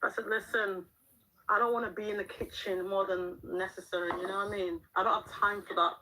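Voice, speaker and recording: A woman's voice: medium pitch, steady tone, brisk, sharp tone, a little hiss or hum, low-quality recording. A middle-aged woman, chatting frankly on a live stream as a mum, laughing often and answering the chat. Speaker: livestream host and mum. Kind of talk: casual live-stream chat reading viewer comments.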